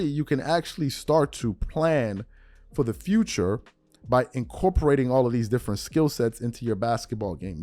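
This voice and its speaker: A man's voice: medium pitch, dark tone, dry recording. A man in his thirties hosting a podcast, giving opinionated sports commentary with incredulous rhetorical questions and street slang. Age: 30s. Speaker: podcast host.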